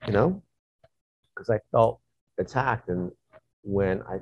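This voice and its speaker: A man telling a story in conversation, profane and animated, acting out scenes as he goes. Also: fairly low pitch, slow, husky, no echo, dull audio.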